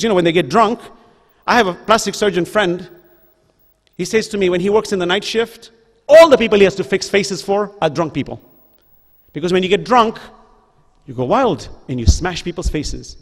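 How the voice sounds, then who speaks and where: Impassioned high-voiced man preaching. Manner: earnest, repetitive rhetorical questions and appeals. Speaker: lecturer at a religious gathering. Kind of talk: impassioned religious lecture. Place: school hall before an audience. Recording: reverberant hall.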